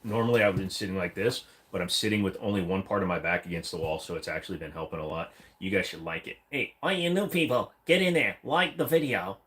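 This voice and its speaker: Low-voiced and animated, this man talks fast with barely a pause, and his tone is fairly bright. He's a livestream host seated against a wall in his room at home, going through viewer comments and rambling with jokes and goofy voices.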